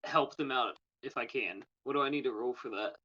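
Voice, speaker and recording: A man's voice: medium pitch, brisk, pushed and bright, slightly rough, muffled recording. A man playing a tabletop game, chatting casually and joking at himself. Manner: laughing, self-deprecating. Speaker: player, ship's captain.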